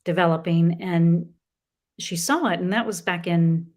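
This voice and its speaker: A middle-aged woman, a guest author in a conversational interview, who talks in an earnest, halting way with many restarts. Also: lowish voice, a little mellow.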